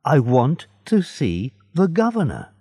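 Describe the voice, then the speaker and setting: Desperate young prisoner, insistent and pleading, read by a man with a gravelly voice. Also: on the high side, huge pitch swings, slow pace, dark tone, dry recording, studio quality, voice pushed up, full character voice.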